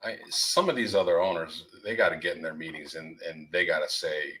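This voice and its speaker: A man's voice: a bass voice, fairly quick, hardly any pauses, sharp tone, low-quality recording. A man, ranting in casual sports talk as a podcast co-host. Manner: exasperated ranting.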